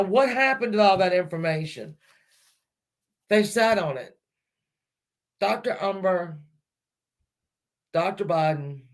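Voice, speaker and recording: A man hosting a true-crime channel who speculates aloud in a casual, rambling way, with many restarts and fillers, and who talks straight to his viewers. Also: high voice.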